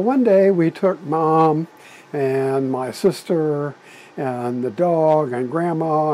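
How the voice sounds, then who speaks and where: Man, folksy storyteller, slightly high voice, chuckling, faint background hiss. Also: mellow, low-quality recording. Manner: folksy, chuckling, adds sound effects. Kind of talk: personal anecdote.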